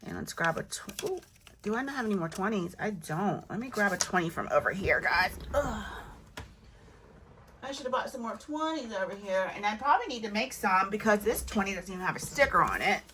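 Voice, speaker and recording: A woman with a clear, bright voice talks casually to her viewers while counting money aloud. She is chatty and pokes fun at herself, and her voice sometimes sinks nearly to a whisper as she counts. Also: medium pitch, animated, fairly quick, a little hiss or hum. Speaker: budgeting vlogger.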